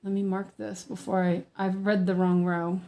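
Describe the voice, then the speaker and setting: A woman's voice: mid-range voice, flat delivery, moderate pace, warm tone. A woman chatting casually while she cross-stitches on a livestream, rambling with fillers and restarts and a slight lisp. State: slightly lispy from medicine.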